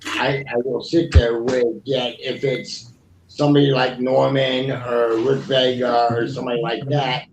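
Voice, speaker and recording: A man's voice: medium pitch, little pitch movement, unhurried, crowd noise. A man hosting a casual panel chat, rambling and exasperated as he tells a story. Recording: roomy with background noise.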